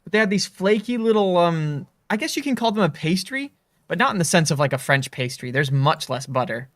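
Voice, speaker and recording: A man's voice: high voice, animated, a little fast, fairly bright tone, no room sound, clean studio sound. A man co-hosting a game livestream, chatting casually, rambling off topic and laughing often. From United States. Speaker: livestream co-host. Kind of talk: casual gaming stream chat.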